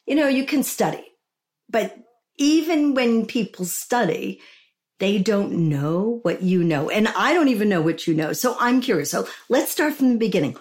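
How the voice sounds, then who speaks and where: A woman's voice: medium pitch, expressive, moderate pace, darkish tone. Gushing, emotional woman podcast host. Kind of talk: effusive podcast interview.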